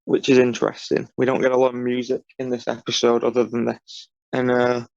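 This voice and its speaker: A man's voice: medium pitch, completely flat delivery, brisk, gravelly, darkish tone, no room sound. A man co-hosting a podcast, giving dry, matter-of-fact commentary in casual chat. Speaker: podcast co-host. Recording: dull lo-fi recording.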